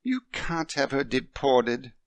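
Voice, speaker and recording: A man voicing a poised French wife near fifty, patient and gently reasoning with her husband. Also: mid-range voice, big pitch swings, slow, dry recording, pitched above the performer's own voice. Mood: firm.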